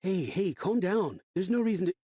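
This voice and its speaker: A man's voice: high voice, animated, normal speed, dark tone, husky, dry recording, voice pushed up. A man voicing a crude, aggressive young male college friend who swears freely.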